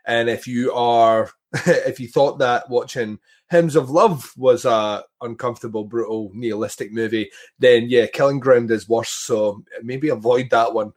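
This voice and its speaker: Man, podcast co-host, mid voice, excitable, giggly, stammers. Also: mid-range voice, a little slow. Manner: enthusiastic, laughs often, stammering restarts. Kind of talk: casual chat.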